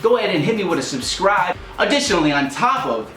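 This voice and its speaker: A man's voice: sits high, big pitch swings, fast, a bit bright. A man hosting a rap tutorial, explaining in a casual, upbeat way and counting out beats. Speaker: rap coach and channel host. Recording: echoey room with music behind.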